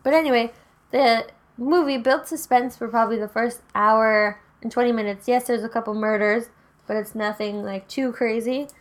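A woman's voice: a little high, fairly even intonation, moderate pace. A woman co-hosting a casual podcast chat, joking dryly with sarcastic asides, a little tipsy. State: tipsy from drinking. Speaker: podcast co-host. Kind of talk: casual chat about a horror movie.

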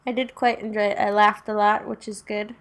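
A woman's voice: medium pitch, level tone, brisk. A woman co-hosting a casual podcast chat, joking dryly with sarcastic asides, a little tipsy. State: tipsy from drinking. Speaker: podcast co-host. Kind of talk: casual chat about a horror movie.

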